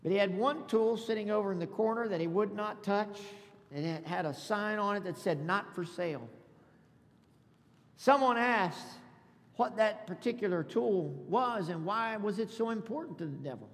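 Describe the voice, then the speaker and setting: A man with a notably high voice delivers a sermon as pastor. He speaks emphatically and keeps drawing the congregation into call-and-response. His voice rings out with a long reverb trailing behind it. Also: animated, moderate pace. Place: church sanctuary. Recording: reverberant hall.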